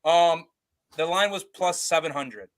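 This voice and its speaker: Blunt high-voiced sports-betting man. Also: measured pace. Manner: confident, blunt. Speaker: co-host picking bets. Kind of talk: casual sports betting chat.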